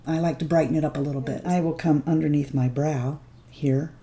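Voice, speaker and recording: Low-voiced woman giving a makeup tutorial. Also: steady tone, fairly quick, slight background noise. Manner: gentle step-by-step instruction. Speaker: beauty vlogger.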